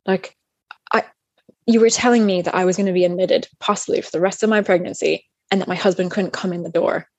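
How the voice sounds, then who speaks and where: A young woman chatting casually as a guest, recounting a personal story with lively, acted-out quotes and plenty of fillers. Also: on the low side, quick pace, no echo, highs cut off. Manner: animated, acts out other people's lines; chatty with many fillers and restarts.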